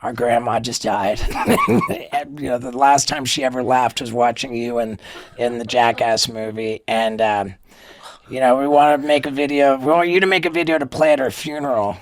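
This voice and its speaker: A man's voice: mid-range voice, sing-song, normal speed. A man chatting as a podcast guest, telling stories with frequent giggles and stammering restarts. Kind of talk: casual chat.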